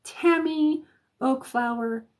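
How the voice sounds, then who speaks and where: Woman host from Colorado, casual live-stream chat, high voice, unhurried, giggly and full of ums. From Colorado, United States. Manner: chatty, laughs often, frequent ums and restarts. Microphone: phone or webcam mic, live stream.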